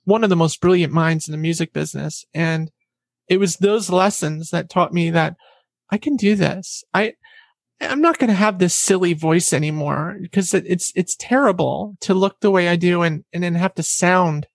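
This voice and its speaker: A woman guest in a casual interview, telling quick anecdotes with a trained, deliberately raised voice and acting out what others said. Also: fairly low pitch, dry recording. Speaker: interview guest, former announcer and vocal coach.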